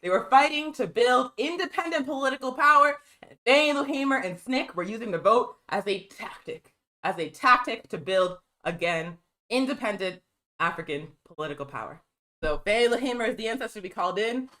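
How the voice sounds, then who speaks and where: A woman hosting a live political news stream, talking fast and emphatically, calling her viewers y'all and reading from a press release. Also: mid-range voice, lively intonation, a bit bright, poor audio.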